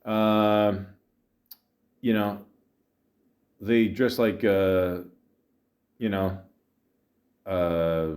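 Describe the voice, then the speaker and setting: A tired man rambles through a comedic podcast story, piling up fillers and restarts. His voice sits a little low, and his asides are deadpan. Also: drawn-out words, long pauses. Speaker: podcast host.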